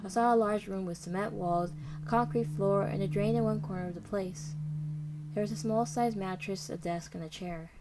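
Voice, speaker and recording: A woman narrating a dark story in the first person, with a dramatic, tense and fearful delivery. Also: medium pitch, normal speed. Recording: noisy background hiss.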